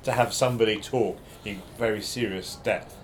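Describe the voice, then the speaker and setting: A man hosting an interview, asking curious questions in a relaxed way and laughing easily. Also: on the low side, normal speed, slight background noise. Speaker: podcast host interviewer. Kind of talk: casual interview chat.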